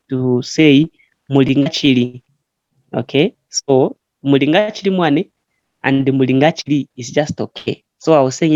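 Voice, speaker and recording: A man from Zambia teaching a language in an online class, explaining slowly and patiently with frequent fillers. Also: on the high side, a little mellow, dry recording. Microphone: online call. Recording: muffled online call audio.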